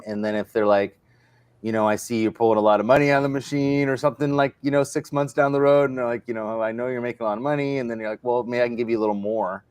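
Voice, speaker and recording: A man's voice: medium pitch, a little mellow, dry recording. A man hosting a casual livestream chat, telling stories in a rambling way with many restarts. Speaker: host.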